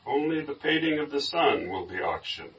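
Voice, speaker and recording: A man reading the part of a calm, formal auctioneer in measured tones, recorded from a distance with a dull sound. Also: medium pitch, pitched above the performer's own voice.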